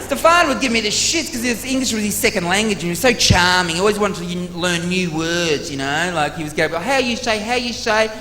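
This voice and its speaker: Profane Australian comic in a reverberant theatre. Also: male voice, sits high. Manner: rapid, profane, exasperated storytelling with sudden loud outbursts. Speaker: stand-up comedian. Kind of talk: stand-up comedy routine. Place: large theatre stage before a live audience. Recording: live theatre recording with long hall reverb and audience noise.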